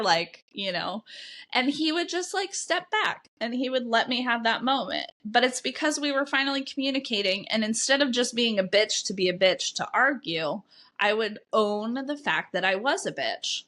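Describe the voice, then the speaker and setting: On her own podcast, a woman coach speaks candidly and bluntly to listeners, swearing freely while recounting her own story. Her voice is a little high, animated, and pushed and bright, at a normal speed.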